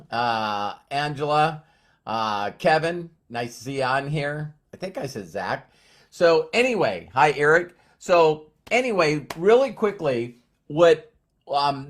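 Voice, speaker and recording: A man giving a motivational talk on a live stream, rambling with many restarts and repeated words, short on sleep. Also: on the high side. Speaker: motivational speaker.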